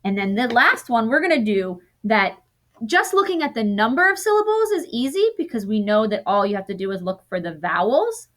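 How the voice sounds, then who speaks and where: A woman teaching a recorded lesson to young students, sounding out word parts slowly and often correcting herself as she goes. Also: on the high side, very animated, a bit bright.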